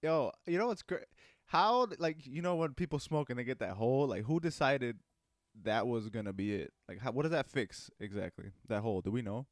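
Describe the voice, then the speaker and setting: A man's voice: mid-range voice, expressive, a little fast, no echo, clean studio sound. A man hosting a podcast in casual, joking chat with friends. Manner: joking, playful, talks in bursts. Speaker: podcast host.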